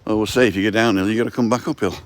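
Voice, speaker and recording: A man with a cold holds his phone as he walks outdoors through a residential complex, giving a jokey, chatty live-stream tour. His voice is lowish and steady, and he races through his words.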